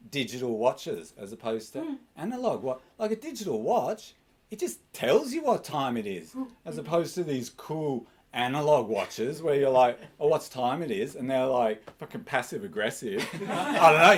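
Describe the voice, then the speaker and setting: A man doing stand-up comedy in a small club, with an awkward, self-mocking delivery. His pitch swoops widely as he talks. He keeps laughing at his own punchlines.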